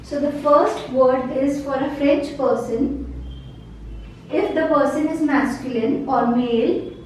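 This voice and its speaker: A woman's voice: high-pitched, slow pace, a little mellow, distant mic, a little hiss or hum. A woman teaching a beginner French lesson in a patient manner, repeating each word several times. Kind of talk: slow beginner vocabulary lesson. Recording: very echoey room, voice from the mic.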